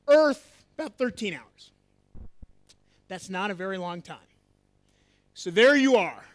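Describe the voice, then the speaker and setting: A man giving an interactive astronomy lecture to a live festival audience, coaxing volunteers and quizzing the crowd. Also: extremely high pitch. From USA. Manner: lively, coaxing, asks the audience questions.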